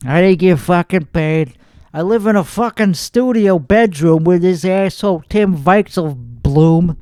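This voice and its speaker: A man's voice: high voice, mellow, smooth, dry recording. A man hosting a comedic reaction podcast, mocking and swearing, exasperated and sarcastic. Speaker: podcast host reacting to a clip.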